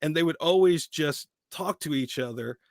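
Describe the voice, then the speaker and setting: A man, a voice actor guest, chatting in an animated, playful way during an interview. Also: fairly high pitch, moderate pace, dry recording, studio quality. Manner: animated, laughing, playful storyteller. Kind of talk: casual interview chat.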